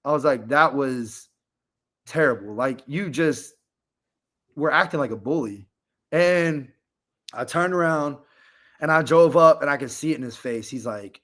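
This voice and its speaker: A man's voice: medium pitch, fairly quick, fairly bright tone. A man talking as a podcast guest, telling a candid personal story in a rambling, casual way, full of fillers.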